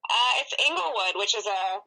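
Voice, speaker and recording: A woman's voice: mid-range voice, expressive, moderate pace, crowd noise, poor audio. A woman from around Calgary, a singer and barrel racer, chatting upbeat by phone as a guest, laughing easily. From Calgary area, Canada.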